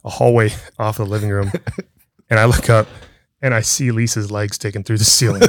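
A middle-aged man hosts a podcast, telling a story in casual chat, laughing often and acting out the voices of its characters. His voice is on the low side, and the recording is dry.

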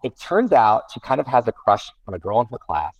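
A man's voice: medium pitch, a little fast, no room sound, low-quality recording. A middle-aged man, a guest parent, telling a casual story with many restarts and self-corrections. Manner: rambling, self-correcting, animated.

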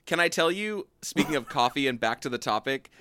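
A man's voice: a little high, expressive, fairly quick, sharp tone, clear, resonant tone. A man co-hosting a podcast, ranting profanely and jokingly in casual chat. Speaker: podcast co-host.

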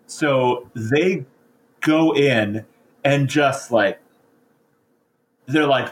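A man on a podcast retelling a story casually, in slangy, animated speech. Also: medium pitch, drawn-out words, pauses often. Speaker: podcast co-host.

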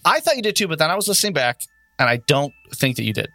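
A man acting as game master, chatting casually with players and narrating the scene slowly and dramatically. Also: a little high, very animated, pushed and bright, no room sound. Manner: slow, deliberate dramatic narration.

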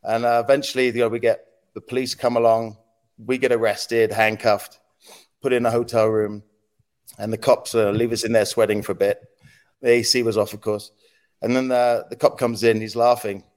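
A man on a podcast as a guest, telling lively stories in casual talk, acting out quotes and noises and laughing often. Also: medium pitch, normal speed. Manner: animated anecdotes, acts out quotes and sound effects, laughs often. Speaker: podcast guest, former news agency head. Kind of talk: casual storytelling interview.

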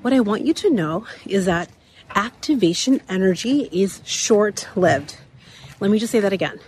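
Climbing a hill outside, a woman in her 30s hosts a motivational podcast, a bit winded and slightly raspy. Her medium-pitched voice is animated and a little mellow at normal speed, she laughs a lot and repeats key ideas, and there's slight background noise.

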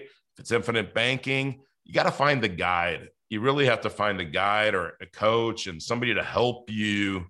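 Bright-voiced man hosting a podcast. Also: on the low side. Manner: rambling, many fillers and restarts. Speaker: podcast host. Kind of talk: casual interview chat.

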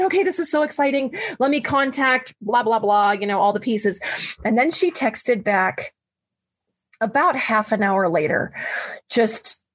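Woman guest, animated storyteller, slightly high voice, laughs often. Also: poor audio. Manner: animated, laughing, big pitch swings on quoted thoughts. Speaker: guest sharing adoption story. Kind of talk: casual storytelling.

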